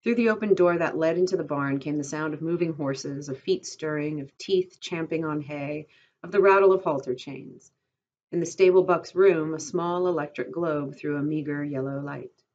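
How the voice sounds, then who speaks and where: A woman teacher reading a novel aloud, steady and clear, stopping to pose questions to her class. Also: low voice. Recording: dull lo-fi recording.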